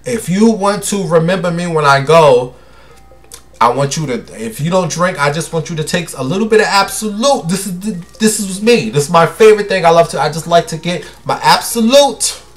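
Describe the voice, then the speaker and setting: Man, young adult, solo show host, casual rambling chat, slightly high voice, dramatic, says honey a lot. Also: animated, moderate pace. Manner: chatty and dramatic, calls listeners honey and baby.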